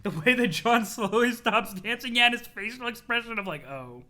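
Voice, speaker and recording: A streamer reading a webcomic aloud live, chatty and excitable, reacting to chat. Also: mid-range voice, a little fast.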